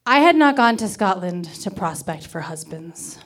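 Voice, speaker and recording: A woman from Miami in her thirties telling a candid personal story to a live audience, with wry, deadpan comic timing. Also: lowish voice, moderate pace. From Miami, Florida.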